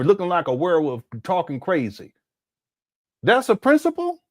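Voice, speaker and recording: A man's voice: high-pitched, big pitch swings, normal speed, no room sound, clean studio sound. A middle-aged man from Southern California commenting on a video clip in a casual, incredulous, mocking way. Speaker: commentary channel host.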